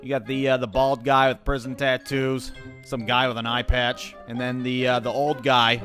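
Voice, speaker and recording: A man telling a comic childhood story in a sarcastic, profane, animated way. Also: medium pitch, moderate pace, faint music behind. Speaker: stand-up comedian.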